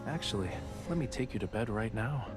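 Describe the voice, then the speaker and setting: A man's voice: on the low side, animated, a little fast, close to an everyday voice. An actor voicing a playful, doting young man from a romance game. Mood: teasing. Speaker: game character. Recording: game audio over music.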